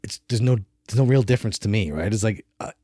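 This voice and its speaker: A man's voice: on the low side, expressive, fast talker, dark tone, no room sound, studio quality. A man co-hosting a casual film review podcast, opinionated and rambling, with frequent restarts. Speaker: podcast co-host.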